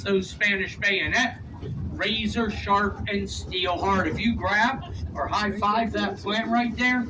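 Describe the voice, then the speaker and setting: A playful male tour guide with a fairly high voice, picked up from a few rows back on a phone. He cracks jokes at his passengers between facts, over a steady engine and street rumble. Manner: playful, teasing passengers, quick asides. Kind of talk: joking guided tour commentary over a speaker. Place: open-air tour train outdoors. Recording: distant voice over vehicle noise. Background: vehicle rumble and street ambience.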